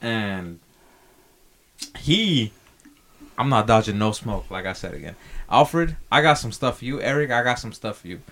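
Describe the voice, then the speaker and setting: A man's voice: medium pitch, animated, measured pace, pauses often, fairly bright tone. A man as a podcast guest in casual chat, slangy and playfully argumentative, saying bro a lot.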